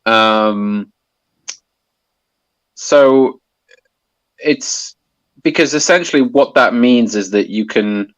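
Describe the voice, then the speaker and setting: A man's voice: mid-range voice, extremely slow, pauses often, no echo, rough recording. A man explaining a topic in casual conversation, hesitant with many restarts and fillers. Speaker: guest explaining poetry.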